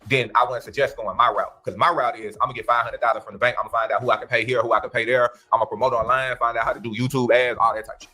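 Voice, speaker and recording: Confident man guest, quick and bright, street-casual. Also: medium pitch, steady tone, soft background music. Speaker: music label owner guest. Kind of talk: casual conversation.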